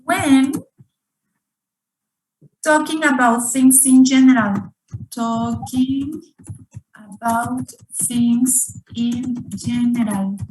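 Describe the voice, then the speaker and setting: Over a video call, a woman teaches an online English grammar lesson, repeating each point and quizzing her students. Her voice is fairly high and darkish, with a roomy sound from sitting far off the mic.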